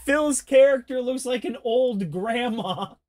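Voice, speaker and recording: A man's voice: extremely high pitch, slow, a little mellow, no echo, clean studio sound. A man hosting a casual stream, chatting in a laid-back, profane way and laughing often. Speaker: stream host. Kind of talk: casual commentary chat.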